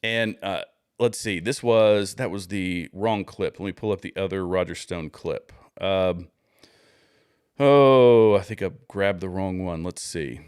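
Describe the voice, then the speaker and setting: A man's voice: low voice, a little slow, darkish tone, smooth, no echo, clean studio sound. A man giving casual, rambling political commentary on a livestream, thinking aloud with many fillers and restarts as he searches for posts.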